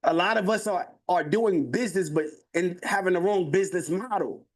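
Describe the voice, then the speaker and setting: During a live webinar sales pitch, a man with a fairly high voice speaks at a moderate pace. He grows more hyped as he goes, calls out to people in the chat, and repeats phrases to drive his point home.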